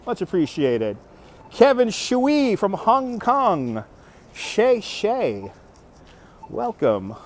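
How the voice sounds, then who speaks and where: A man's voice: high voice, wildly swooping pitch, drawn-out words, pauses often. A man hosting a casual nighttime walking livestream outdoors on city streets, upbeat and thanking viewers for their donations, recorded on a phone. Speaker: livestream walking tour host. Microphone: phone on a handheld gimbal.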